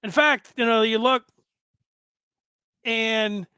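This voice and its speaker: A man's voice: very high voice, steady tone, takes it slowly, pushed and bright, smooth, no room sound. A man in his fifties hosting a sports podcast, talking in a rambling, conversational way with asides and restarts. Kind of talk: casual sports podcast commentary.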